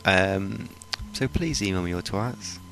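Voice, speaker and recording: A man from the UK with a fairly low voice, co-hosting a casual comedy podcast. He answers in dry, laid-back replies, with faint music playing underneath. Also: slow, a bit bright. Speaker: podcast co-host.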